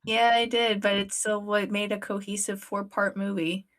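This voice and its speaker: A woman's voice: medium pitch, level tone, moderate pace, a bit bright. A woman voice actor chatting casually on a recording stream, blunt and swearing, working through a headache. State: has a headache.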